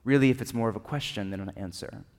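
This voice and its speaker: A man's voice: lowish voice, fast talker, a little mellow. A man preaching a sermon as a pastor, talking conversationally and asking rhetorical questions. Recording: long reverb of a large hall.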